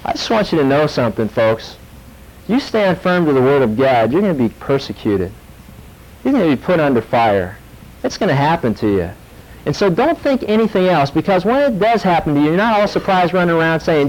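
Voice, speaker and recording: Animated man preaching a sermon. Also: fairly high pitch, brisk, low-quality recording. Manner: animated, jokey storytelling with sudden drops to earnest. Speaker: pastor.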